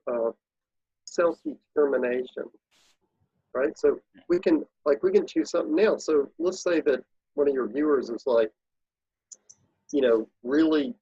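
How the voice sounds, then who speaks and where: A man talks in a husky, slightly breathy voice, pressing his points home with an emphatic coaching manner. The audio is dry and muffled, with a lo-fi dullness. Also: on the high side, darkish tone, no echo. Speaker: guest, productivity speaker and consultant. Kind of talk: casual interview talk.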